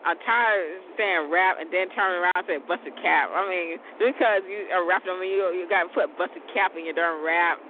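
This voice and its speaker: At normal speed and with hardly any pauses, a man hosts his show in a relaxed, rambling chat full of laughs and mild swearing. The recording sounds tinny, like a phone, with a vehicle rumbling behind him.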